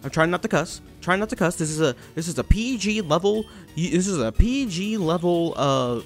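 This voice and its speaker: A young man commentating his video game playthrough, rambling and cursing, shouting at the game now and then. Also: high voice, expressive, normal speed, faint music behind. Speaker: gaming channel host. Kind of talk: let's play commentary.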